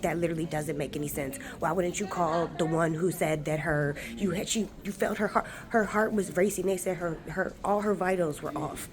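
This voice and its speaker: A woman's voice: fairly low pitch, normal speed, hardly any pauses, a crowd in the background. A woman vlogger ranting angrily in a hospital emergency waiting room, cursing and venting, recorded on a phone. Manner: furious, profane, venting. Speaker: travel vlogger. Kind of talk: angry vlog rant.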